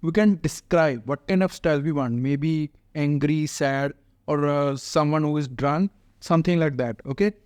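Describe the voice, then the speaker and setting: A man's voice: on the high side, moderate pace, darkish tone, clean tone, no echo, clean studio sound. Chatty male tech tutorial host. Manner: chatty, many "uh" fillers, explains step by step. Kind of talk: casual screen-recorded software walkthrough.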